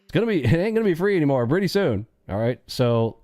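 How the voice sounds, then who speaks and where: A man hosting a live stream in casual chat, joking and animated, acting out quick bits of dialogue. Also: fairly high pitch, no echo, faint music behind.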